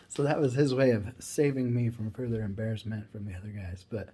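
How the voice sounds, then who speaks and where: A man's voice: on the low side, fairly even intonation, fairly quick, few pauses, warm tone, husky. A former wildland firefighter, a man, tells a funny story in a laid-back, rambling way with many asides. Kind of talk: casual humorous storytelling.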